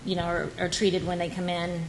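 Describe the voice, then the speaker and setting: A woman moderating a conference panel, asking questions in a friendly, halting way. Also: fairly low pitch, monotone, slight background noise, low-quality recording.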